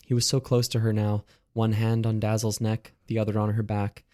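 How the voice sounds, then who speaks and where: A man's voice: on the low side, little pitch movement, fairly quick, warm tone. Playful man reading comedic romance. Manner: playful, swears casually. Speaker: podcast co-host. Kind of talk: comedic reading and casual chat.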